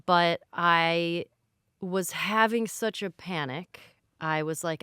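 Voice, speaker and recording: Brief: woman, thirties, podcast co-host; smooth clean tone, very dry close studio sound, rambling and self-deprecating. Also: on the low side, takes it slowly, pushed and bright, no room sound. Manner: candid, rambling, self-deprecating storytelling with many restarts. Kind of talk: casual storytelling chat.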